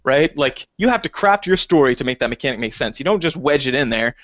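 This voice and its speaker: A man co-hosting a casual podcast chat, talking lively and slipping into high, exaggerated quoted voices. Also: quick pace, dry recording. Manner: animated, jumps into high acted quotes. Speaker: podcast co-host. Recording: dull dry lo-fi recording.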